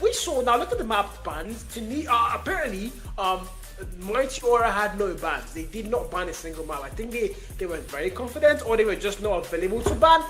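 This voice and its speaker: A man casting a live esports match from Nairobi, chatty and excitable, often laughing. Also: high-pitched, brisk, faint music behind. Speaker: esports caster. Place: Nairobi, Kenya.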